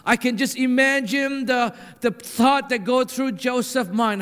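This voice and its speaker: A man's voice: extremely high pitch, unhurried, hardly any pauses, a bit bright, clear, resonant tone. A man preaching a sermon in a church hall, earnest and emphatic, repeating his points for weight. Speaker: pastor. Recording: long hall reverb.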